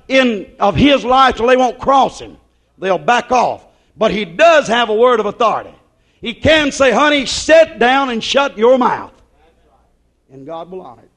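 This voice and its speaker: A man preaching a sermon, swinging between loud emphasis and quiet asides and putting questions to the congregation. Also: sits high.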